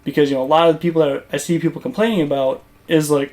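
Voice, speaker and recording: Man, gaming youtuber, casual commentary, fairly high voice, rambling, filler-heavy. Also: steady tone, racing, hardly any pauses, a little mellow. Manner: rambling, conversational, many fillers and restarts. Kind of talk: casual commentary over gameplay footage.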